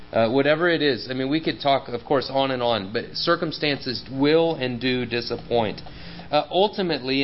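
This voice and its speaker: A man's voice: medium pitch, dull audio, slight background noise. Earnest man preaching a sermon. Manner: earnest and personal, with many fillers and repeated words.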